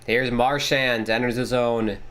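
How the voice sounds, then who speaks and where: A man hosting a casual live watchalong, calling the play-by-play excitedly and swearing casually. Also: a little slow. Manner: excitable, jumps pitch on big plays, swears casually. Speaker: watchalong host.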